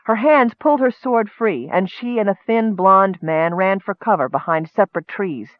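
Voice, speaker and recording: A man reading a fantasy story aloud in a steady, measured way. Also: sits high, no echo. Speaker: audiobook narrator. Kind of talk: scripted fantasy narration. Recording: dry tinny phone-like audio.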